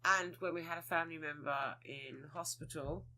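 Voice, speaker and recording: A woman's voice: low voice, normal speed, sharp tone, low-quality recording. A woman co-hosting a casual podcast chat, giggly and teasing. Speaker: podcast co-host.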